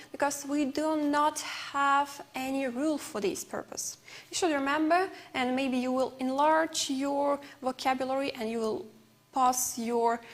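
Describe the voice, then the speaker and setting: With a voice that sits high, a television English teacher, whose first language is Uzbek, works through her lesson slowly. She repeats examples and fills pauses with fillers.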